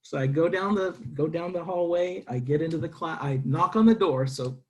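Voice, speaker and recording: A man's voice: a little high, moderate pace, hardly any pauses. A middle-aged man from San Diego telling his life story to an audience, acting out the voices in it. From San Diego, United States. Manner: animated storytelling, acting out dialogue. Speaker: speaker. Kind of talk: personal story talk.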